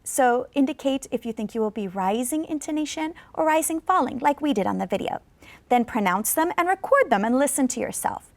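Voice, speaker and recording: A woman teaches English in a scripted lesson, her fairly high voice carrying a gravelly edge. She speaks in a dry, close studio sound, coaxing viewers to answer and drawing model sentences out slowly for them to repeat. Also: expressive, no room sound. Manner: slow, carefully drawn-out model sentences for repetition; encouraging, coaxes replies from viewers. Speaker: ESL teacher.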